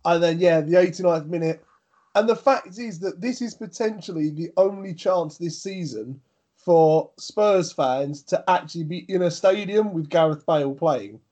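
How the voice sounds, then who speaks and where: A man co-hosting a casual podcast, speaking eagerly and quickly as a keen fan. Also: on the high side, warm tone, highs cut off. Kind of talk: casual chat.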